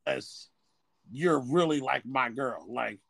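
Gravelly-voiced man, blunt podcast chat. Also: mid-range voice, slow, no room sound. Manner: blunt, profane, animated storytelling. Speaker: podcast co-host.

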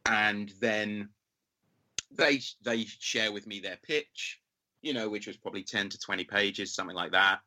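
A man's voice: fairly low pitch, unhurried, pushed and bright, low-quality recording. A man in his thirties with a London accent, a film director telling a long story in a casual, rambling interview. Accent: London English. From England. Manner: chatty, rambling, full of fillers and acted-out quotes.

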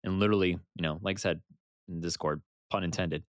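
A man co-hosting a podcast, chatting casually in an excited, joking way. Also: a little fast, no echo, clean studio sound. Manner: excited, jokey, lively swings in pitch. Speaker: podcast co-host. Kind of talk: casual chat.

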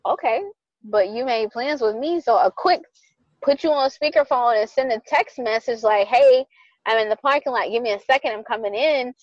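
A young adult woman co-hosting a podcast, telling a dating story in casual chat, animated and profane, acting out both sides. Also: a little high, normal speed, dry recording, highs cut off. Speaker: podcast co-host.

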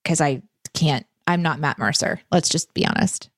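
A woman's voice: low voice, normal speed, no echo. Chatty woman co-host, dry sound. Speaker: co-host reading viewer chat. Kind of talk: casual livestream chat.

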